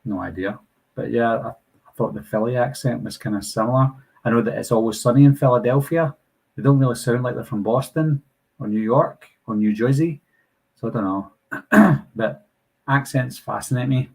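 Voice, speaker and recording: A man's voice: medium pitch, normal speed, vocal fry, darkish tone, slightly rough, low-quality recording. A young man with a Glasgow accent, hosting a casual live Q&A and answering viewer comments in a chatty, apologetic way. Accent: Scottish, Glasgow. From Scotland. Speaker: channel host answering live chat.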